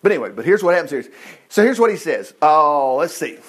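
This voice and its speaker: A middle-aged man preaching an informal sermon, folksy and animated, with chuckling asides to the congregation. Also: on the high side, fast, husky. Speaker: pastor.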